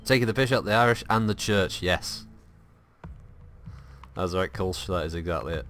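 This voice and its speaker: Deep-voiced rambling game streamer. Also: male voice, normal speed, fairly bright tone, soft background music. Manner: rambling, swears casually, many fillers. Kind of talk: casual gameplay commentary.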